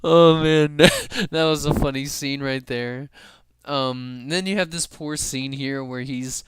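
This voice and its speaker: A man giving excited fan commentary on an animated show, emotional and often laughing. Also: a little high, slow pace, background noise.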